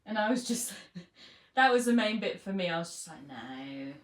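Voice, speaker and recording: A woman's voice: mid-range voice, normal speed, reverberant. Chatty English woman livestreaming. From England. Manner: chatty, rambling, giggly. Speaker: livestream host. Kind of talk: casual chat.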